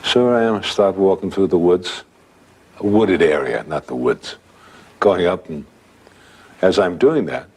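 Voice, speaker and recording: A man's voice: sits low, expressive, a little slow, long pauses, a little mellow, slightly rough. An older man telling a ghost story from his own life in a conversational way.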